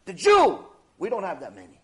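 A man's voice: high-pitched, huge pitch swings, fairly quick. A man teaching a Torah lecture, speaking emphatically with lots of rhetorical repetition.

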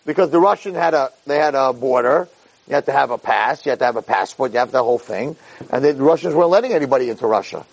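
A man giving a Torah class as an animated storyteller, peppering his talk with Hebrew terms and rising high for emphasis. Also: quick pace, creaky, husky, poor audio.

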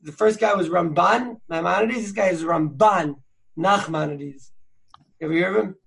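A man's voice: sits high, moderate pace, vocal fry, fairly bright tone. A man hosting a podcast, teaching Torah sources in a chatty, slangy way with many fillers and restarts. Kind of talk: casual learning chat.

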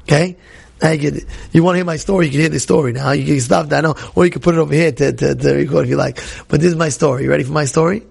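Gravelly excitable male storyteller. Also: fairly high pitch, racing. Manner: excitable, repeats words, acts out quotes. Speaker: Torah teacher. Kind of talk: storytelling talk to a class.

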